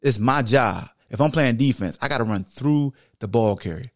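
A man hosting a sports podcast, talking with emphatic repetition that swings between low, heavy stretches and high, excited bursts. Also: normal speed, no room sound, studio quality. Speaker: podcast host and former football player. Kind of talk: impassioned monologue.

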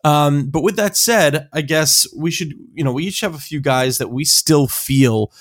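A man's voice: on the high side, normal speed, no room sound, studio quality. A man co-hosting a casual podcast, rambling with many fillers and laughing easily. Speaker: podcast co-host.

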